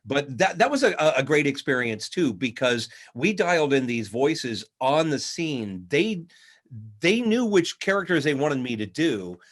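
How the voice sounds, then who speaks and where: A man, a voice actor guest in a casual interview, telling lively stories and slipping into voices. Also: on the high side, unhurried. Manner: lively anecdotal, acts out voices mid-story.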